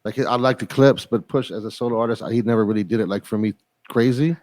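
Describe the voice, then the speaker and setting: A young man co-hosting a podcast in relaxed casual chat, often trailing off quietly. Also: mid-range voice, quick pace, no room sound. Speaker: podcast co-host.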